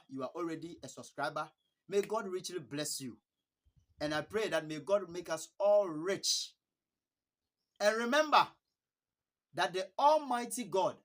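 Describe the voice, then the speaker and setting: A Ghanaian man vlogging in a casual storytelling style. He is animated and laughs between phrases. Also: a little high. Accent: Ghanaian English. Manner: earnest, blessing-filled sign-off.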